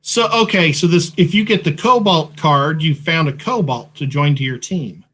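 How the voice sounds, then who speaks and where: A man's voice: a little high, normal speed, sharp tone. A man co-hosting a casual chat, playful and talkative with joking asides, a bit sleepy. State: sleepy, yawning. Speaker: co-host.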